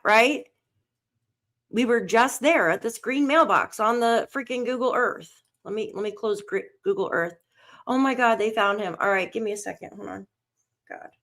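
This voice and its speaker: Her voice is mid-range with a fairly bright tone. Running a live stream on a missing child case, she is anxious and on edge, speaking to herself as she searches for news.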